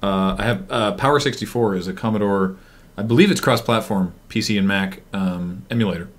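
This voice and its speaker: A man's voice: fairly low pitch, fairly quick. A man hosting a stream aftershow, chatting casually and rambling with plenty of fillers. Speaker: stream host. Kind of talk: casual chat.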